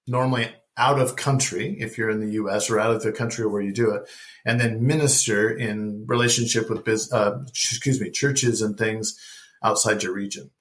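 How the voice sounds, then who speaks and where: A middle-aged man telling a personal faith story as a podcast guest, lively and acting out the dialogue he recounts. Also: fairly low pitch, moderate pace. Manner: animated storyteller who acts out dialogue.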